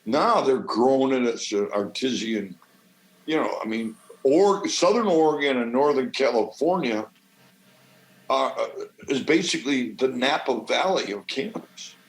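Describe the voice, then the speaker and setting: A man from the American Midwest, a podcast guest who grows cannabis, telling stories in a swaggering, salty, animated way. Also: mid-range voice, moderate pace, echoey room, low-quality recording. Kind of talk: casual storytelling.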